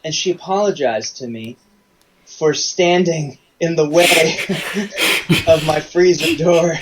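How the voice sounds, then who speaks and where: A man from Canada talking as an interview guest, wandering through his anecdotes with plenty of restarts. His voice sits a little high, with a faint hiss under it. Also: slow. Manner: rambling anecdotes with many restarts. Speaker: singer-songwriter guest. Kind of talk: casual interview chat.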